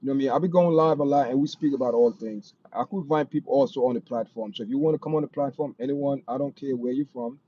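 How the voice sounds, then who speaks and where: Talking fast with hardly any pauses, this man has a medium-pitched voice with a breathy edge. He's a Jamaican-accented livestream host who rambles and repeats himself with viewers, often adding "you know what I mean," over dull lo-fi audio with faint noise.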